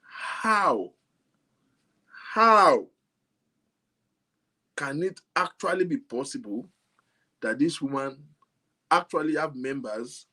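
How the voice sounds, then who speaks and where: A man's voice: a little high, expressive, takes it slowly, pauses often, pushed and bright. A man with a Nigerian accent talking casually to camera, amused and incredulous, laughing often as he comments. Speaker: vlogger.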